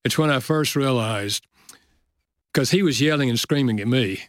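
An older man, a guest author, telling a personal story in an earnest, measured way in a casual conversation. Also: mid-range voice, no room sound, clean studio sound.

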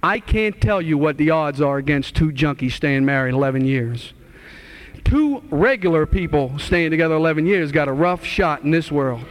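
A man's voice: fairly high pitch, lively intonation, normal speed. A middle-aged man, a minister, giving his testimony as a sermon in an impassioned, exhorting way and acting out old conversations with a raised voice. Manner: impassioned, acts out dialogue in a raised voice; earnest and exhorting. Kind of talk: testimony sermon to a live audience.

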